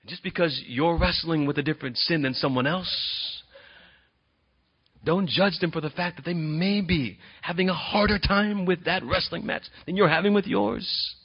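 A male pastor delivers a sermon in a slightly high, husky voice. He is earnest, dropping to near-quiet and then rising to emphatic stress. The recording sounds dull and lo-fi. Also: normal speed. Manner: earnest, swings between soft and emphatic.

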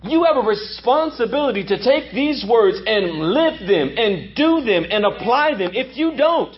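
A man's voice: very high-pitched, very animated, a little slow, muffled recording. A man preaching a sermon as pastor, emphatic and repeating lines for effect.

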